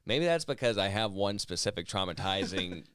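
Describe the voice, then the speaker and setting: Lively, clear-voiced young man, host. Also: sits low, normal speed. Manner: animated, swears freely, laughs often. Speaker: podcast host. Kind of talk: casual storytelling chat.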